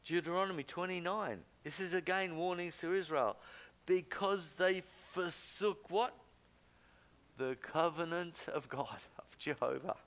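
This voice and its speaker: An older man preaching a sermon, emphatic, with loud exclamations and low quiet asides. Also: a little slow.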